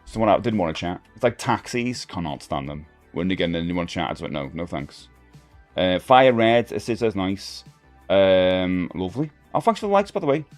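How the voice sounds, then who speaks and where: Rambling man, low voice. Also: big pitch swings, a little fast. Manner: chatty, rambling, self-deprecating with frequent fillers. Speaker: livestream host. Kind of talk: casual chat with viewers. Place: home streaming room. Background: faint music.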